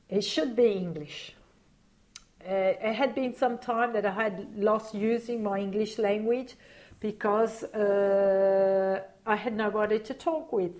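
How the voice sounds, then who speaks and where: A woman's voice: medium pitch, steady tone, slow, a little mellow. A woman being interviewed, talking in a reflective, hesitant way with many fillers and frequent laughs. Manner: laughs often while talking. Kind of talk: casual reminiscing interview.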